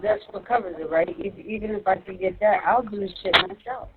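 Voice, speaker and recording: A woman's voice: medium pitch, fairly quick, a crowd in the background. A woman talking with her husband on a phone call, answering in short, hesitant replies. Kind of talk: casual phone conversation. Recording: tinny phone line.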